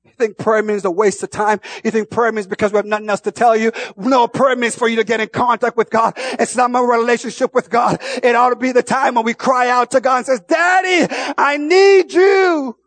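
A man preaching to his church in a high, bright register. He drops to soft, confiding asides and then builds to shouted, fervent calls. The sound is close and dry. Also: little pitch movement, brisk, no echo. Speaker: pastor. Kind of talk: sermon.

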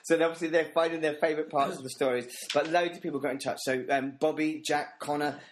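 A man's voice: fairly high pitch, steady tone, fast talker. A man co-hosting a casual podcast, chatting and laughing as he reads out reviews. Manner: laughing often, reading out children's reviews. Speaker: podcast co-host.

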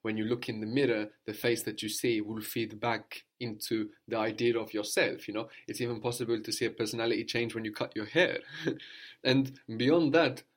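A man teaching a spoken language lesson, explaining patiently and often checking in with a questioning "no?". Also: medium pitch.

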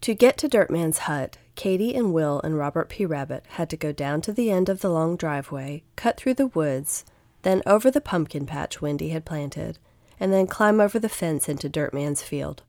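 A woman narrating a children's storybook in a steady, clear way on a close mic. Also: deep voice, moderate pace, no room sound. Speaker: audiobook narrator.

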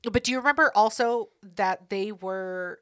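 A woman's voice: medium pitch, normal speed, a bit bright, smooth, no echo, clean studio sound. A woman co-hosting a casual podcast chat, swearing freely and telling stories with lots of laughter. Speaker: podcast co-host.

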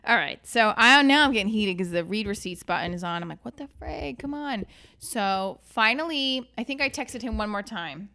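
This is a woman comedian talking casually as a podcast guest. She tells her story in an animated way and does the other people's lines herself. She swears now and then, and her voice sits at a middle pitch. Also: moderate pace, few pauses.

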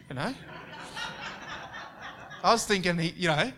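A man preaching with a slightly high voice, telling a personal story in an earnest way. He restarts often and stumbles over his words as he goes. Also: a little fast, pauses often, a bit bright. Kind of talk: sermon story.

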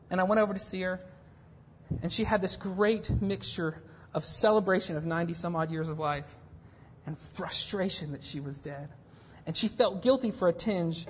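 A woman in her thirties preaches with a fairly high voice, pressing her points emphatically. She drops low and hushed, then swells into intense passages. The recording is dull and lo-fi. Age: 30s. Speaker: pastor. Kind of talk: sermon.

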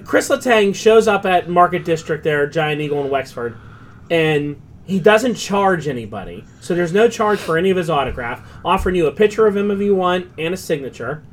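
A man's voice: high voice, fairly quick. A man co-hosting a casual podcast chat who tells stories with lots of energy and swears freely. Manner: animated storyteller, swears freely. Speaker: podcast co-host.

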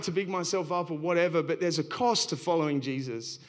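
Pastor preaching, candid and self-deprecating, bit high voiced. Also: male voice, fairly quick, few pauses, background noise. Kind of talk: sermon.

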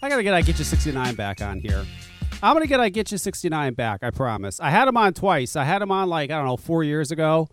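A man's voice: fairly high pitch, very animated, fast, over music. A man hosting a talk radio show, chatting casually in a rambling, profane way and laughing often.

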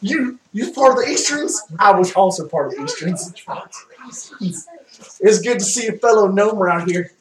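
A man's voice: high-pitched, expressive, normal speed. A man voicing a swaggering male gnome adventurer who talks with a friendly drawl. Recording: echoey room, mic far off.

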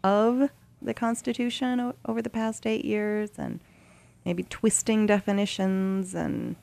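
A woman's voice: mid-range voice, fairly even intonation, measured pace, gravelly, darkish tone. A woman hosting a talk radio show, chatting earnestly and emphatically and laughing easily. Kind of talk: casual talk radio chat.

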